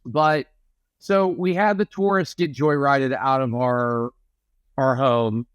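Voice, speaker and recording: A young man chats on a podcast and rambles as he tells his story. His voice sits at an ordinary pitch, and the recording is dry and close. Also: steady tone, slow, smooth, no room sound, highs cut off. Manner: rambling, with many restarts and fillers. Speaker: podcast co-host. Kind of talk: casual chat.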